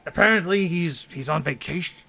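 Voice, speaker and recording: A raised, bright-voiced townsman hollers at a door and won't give up, as a man puts him on. He keeps pressing in a high, loud voice. He sounds like a helpful neighbor out of a tabletop game. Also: brisk, creaky, exaggerated voice. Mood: wry. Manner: loud, calling out insistently.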